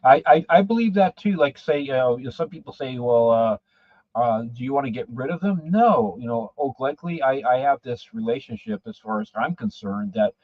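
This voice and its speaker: A man's voice: mid-range voice, big pitch swings, moderate pace, no room sound. A man and podcast guest telling a story in a casual, rambling way, often repeating his words. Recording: dull lo-fi sound, dry.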